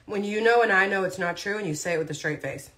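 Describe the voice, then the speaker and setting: A woman's voice: medium pitch, fast, fairly bright tone. A woman talking casually on a livestream, blunt and chatty, chewing food as she speaks. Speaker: vlogger.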